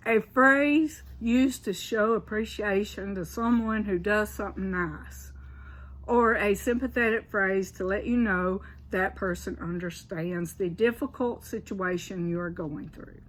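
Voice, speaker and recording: A woman's voice: medium pitch, a little slow. A woman with a Southern US accent, casually explaining regional sayings, often checking in with an "okay" and laughing now and then. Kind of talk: casual explainer, partly read aloud.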